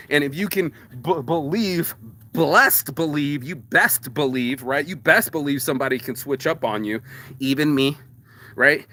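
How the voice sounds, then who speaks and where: A man hosting a casual motivational monologue, rambling and profane, with wide swings in pitch for emphasis. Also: sharp tone. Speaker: host.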